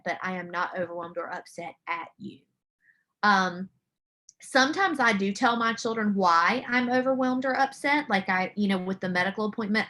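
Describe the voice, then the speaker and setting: A woman's voice: mid-range voice, fairly bright tone. A young adult woman, a mental health counselor, giving an earnest, conversational conference presentation with frequent fillers and restarts over a video call.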